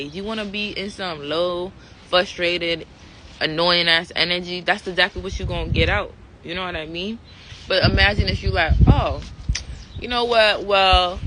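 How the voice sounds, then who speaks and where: A woman vlogger thinking out loud in a casual, reflective monologue, leaning on fillers and "right?" to check in with her listener. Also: on the low side, a little hiss or hum, rough recording. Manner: conversational, full of fillers and "right?" check-ins.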